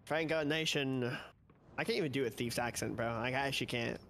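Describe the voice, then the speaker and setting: A man chatting casually with a teammate while playing, giving quick tactical callouts and swearing now and then. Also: mid-range voice, vocal fry, a bit bright, slight background noise. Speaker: gaming teammate. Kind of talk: casual gaming chat.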